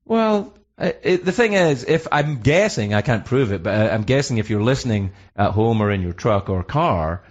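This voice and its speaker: A man's voice: mid-range voice, animated, normal speed, few pauses, dull audio. A Scottish man hosting a radio show, rambling through playful, mock-pompous comedic banter in a studio. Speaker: radio host.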